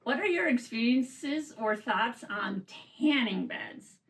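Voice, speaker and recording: A woman hosting a comedy podcast, chatting casually, reacting with quick exclamations and laughter. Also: on the high side, expressive, recorded from a distance. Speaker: podcast host.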